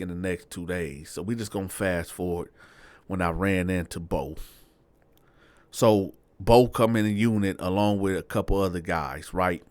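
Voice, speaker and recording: A man telling a personal story in a relaxed, slangy, conversational way, close to the mic. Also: low-pitched, no room sound. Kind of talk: casual storytelling.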